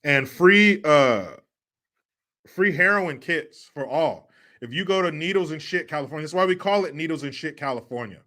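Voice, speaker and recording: A male host runs a live stream commentary with a bright, sharp tone and a voice pitched a little high. He talks casually and mockingly, swearing freely and breaking into laughs. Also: animated, moderate pace. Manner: mocking, profane, laughing often.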